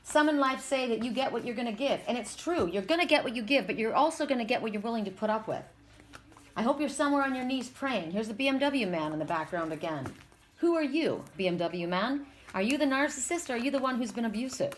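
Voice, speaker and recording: A woman's voice: on the high side, lively intonation, fast, few pauses. A woman reading tarot cards for her viewers, talking to them directly in an impassioned way and often repeating herself for emphasis. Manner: impassioned, talks straight to viewers, repeats words. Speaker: tarot card reader. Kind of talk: spiritual card reading monologue.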